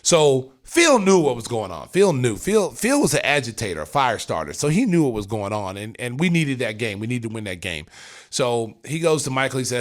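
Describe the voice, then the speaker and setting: A middle-aged man in a casual podcast chat, spinning long stories with plenty of energy. He has a mid-range voice and acts out the people in his stories, jumping up loud and high. His talk is loose and conversational. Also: brisk. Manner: animated, acts out quotes with big jumps in pitch and volume. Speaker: podcast host and former pro player.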